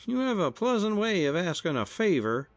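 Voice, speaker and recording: A man's voice: high voice, very animated, normal speed, no echo, soft background music, pitched above the performer's own voice. A man doing a cool, wry young fellow. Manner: cool, mocking.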